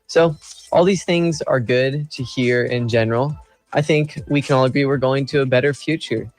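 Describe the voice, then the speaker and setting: A man's voice: mid-range voice, normal speed. Easygoing man over faint music. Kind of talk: casual wrap-up remarks.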